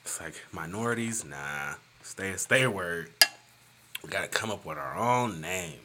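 A man hosting a casual solo podcast, ranting in an animated, profane, joking way. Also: low-pitched, unhurried, heavy background noise. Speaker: podcast host.

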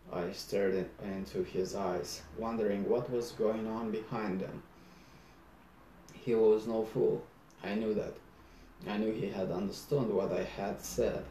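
Slow, dark-voiced male audiobook narrator. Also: on the low side, slight background noise. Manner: measured, deadpan. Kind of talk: first-person audiobook reading. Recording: roomy echo.

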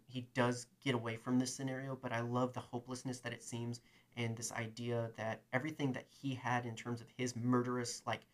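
Enthusiastic, rambling man. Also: mid-range voice. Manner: enthusiastic, rambling, many fillers. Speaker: podcast host. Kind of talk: casual chat and reading aloud.

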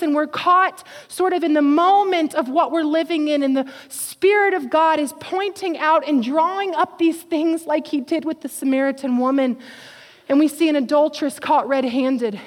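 High-voiced fervent woman preaching in a hall. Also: normal speed. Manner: passionate, rising to fervent exhortation and dropping to quiet intimacy. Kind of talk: sermon. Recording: long hall reverb.

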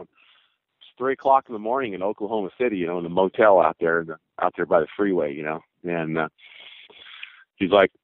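Low-voiced older man telling stories over a phone line. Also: a little fast, dry recording. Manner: rambling, with many fillers and acted quotes. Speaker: former baseball pitcher. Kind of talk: storytelling interview answers. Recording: tinny phone-line sound.

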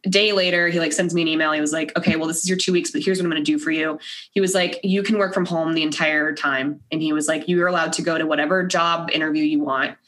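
A woman with a low voice chats as a podcast guest, her story told in an easy, everyday way. She is animated and full of "like", and she acts out the words of the people she quotes. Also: fast. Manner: animated, acts out quoted dialogue, heavy use of "like". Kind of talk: casual conversational storytelling.

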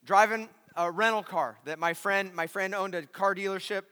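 A male pastor from California preaches in a large church, his high-sitting voice clear and resonant at a moderate pace. He's an animated storyteller who acts out voices and shouts at the climaxes. A long reverb tail trails his words.

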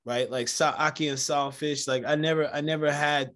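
A man hosting a casual conversation, telling animated stories and acting out the voices of people in them. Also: on the high side, moderate pace. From United States, Jamaican family. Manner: animated storyteller, acts out quoted voices. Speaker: podcast host.

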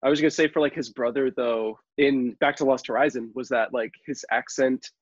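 A man's voice: medium pitch, steady tone, a little fast, breathy edge, dry recording. A man co-hosting a podcast who talks casually in a rambling, hesitant way, recorded with dull, lo-fi sound. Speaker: podcast co-host. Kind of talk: casual chat.

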